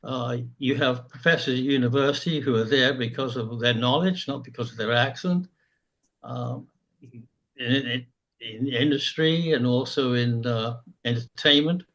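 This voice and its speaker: An older man from England, speaking slowly and haltingly in a reflective group discussion, with many pauses. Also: medium pitch, fairly bright tone, muffled recording. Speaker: group member.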